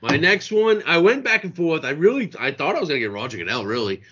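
A man's voice: a little high, very animated, fast talker, a bit bright, breathy edge, lo-fi sound. A man co-hosting a podcast in casual chat, ranting in a heated, profane way from a restaurant. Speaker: podcast co-host. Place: restaurant in a beach town.

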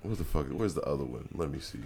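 A man's voice: rumbling low, expressive, fast talker, crowd noise. A man co-hosting a casual podcast, laughing often and swearing freely. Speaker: podcast co-host. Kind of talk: casual chat.

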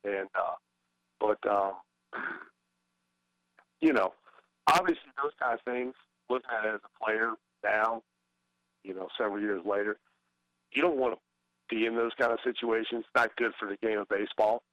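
A man's voice: on the low side, steady tone, moderate pace, long pauses, a bit bright, dry recording, poor audio. A middle-aged man, a former baseball player, talking as a guest in a casual interview, hesitant with many fillers and restarts.

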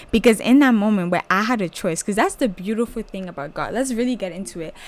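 A woman's voice: mid-range voice, darkish tone. A young woman hosting a podcast, telling a personal faith testimony in a gushing, casual way that is full of "like" and "y'all.". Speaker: podcast host.

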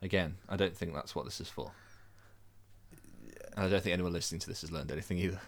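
A man's voice: low-pitched, fast talker. A man co-hosting a podcast, ranting in a casual chat and swearing freely. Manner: animated, swearing ranter. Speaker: podcast co-host.

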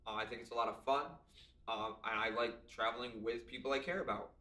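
A man's voice: medium pitch, steady tone, fairly quick, pushed and bright, recorded from a distance. A young man co-hosting a podcast in casual chat, rambling with lots of ums and likes and cracking jokes. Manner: chatty, many ums and likes, jokey. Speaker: podcast co-host. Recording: echoey room, voice a bit off-mic.

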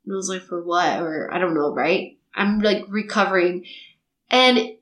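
A woman's voice: fairly low pitch, normal speed. A young woman, a podcast host, telling a personal story in casual chat and acting out what people said. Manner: animated storytelling, acting out quotes. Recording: echoey room.

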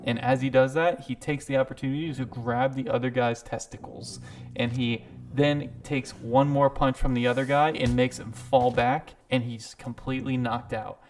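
A man's voice: mid-range voice, steady tone, normal speed, soft background music. A man running a tabletop game as game master, narrating loosely with frequent laughs.

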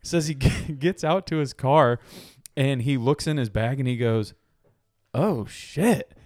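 A man's voice: mid-range voice, moderate pace, dry recording. Laughing storyteller man, dry podcast mic. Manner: laughs often while telling stories; acts out voices in anecdotes. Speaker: podcast co-host. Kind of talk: casual chat.

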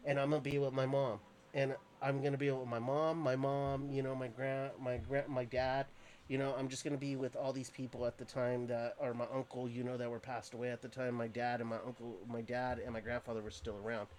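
Podcast host, man, mid pitch, earnest halting storyteller, casual chat. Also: little pitch movement, darkish tone, a little hiss or hum. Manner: earnest, halting, emotional retelling with restarts.

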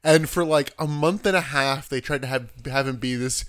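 A man co-hosting a casual podcast, animated and laughing often as he recaps. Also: mid-range voice, moderate pace, no echo, clean studio sound. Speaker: podcast co-host. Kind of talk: casual chat recapping wrestling.

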